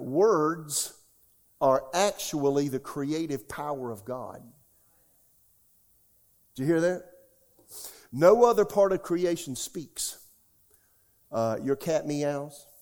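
Older male preacher, dark mellow tone, emphatic sermon delivery with call-outs to the congregation. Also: medium pitch. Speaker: pastor.

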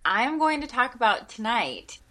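A woman's voice: on the high side, sing-song, normal speed, sharp tone. A woman in her thirties co-hosting a podcast in casual, chatty talk full of fillers. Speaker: podcast co-host. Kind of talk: casual chat.

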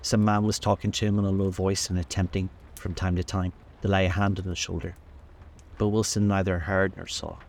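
A male host reading a classic novel aloud in a measured, unhurried way. His voice is very deep, and his delivery stays steady throughout. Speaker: narrator, host. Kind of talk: audiobook-style novel reading.

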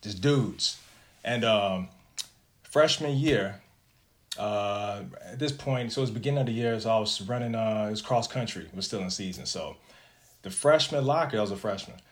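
A man's voice: on the low side, animated, moderate pace. A man telling a story in a casual chat, laid-back and slangy, with plenty of cursing.

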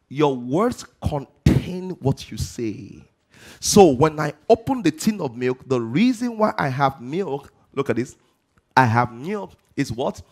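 A man preaches a sermon to a congregation, posing rhetorical questions and answering them himself with emphatic rising delivery. His voice is mid-range with a darkish tone.

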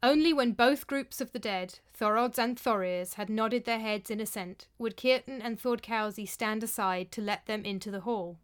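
A woman reading a story aloud in a measured, even narrating voice. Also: fairly high pitch, clear, resonant tone. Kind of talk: audiobook narration.

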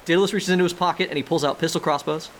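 A man's voice: a little high, steady tone, very fast, slight background noise. A man narrating as game master of a tabletop game, laughing and swearing in loose banter.

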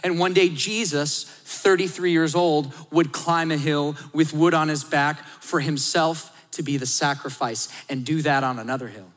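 A man preaching a sermon, shifting between lively storytelling and hushed, intimate emphasis. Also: a little high. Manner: dynamic, drops to hushed tones for emphasis. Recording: long hall reverb.

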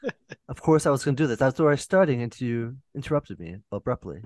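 A man's voice: medium pitch, expressive, a little mellow, no echo, studio quality. A man co-hosting a casual podcast, telling a long story with playful mock bragging. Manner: mock-boastful, drawn-out storytelling. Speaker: podcast co-host.

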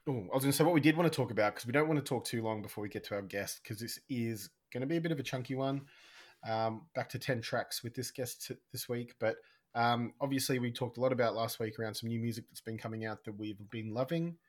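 A man co-hosting a music podcast in casual chat, talking fast with a slight lisp. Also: medium pitch, steady tone. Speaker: podcast co-host.

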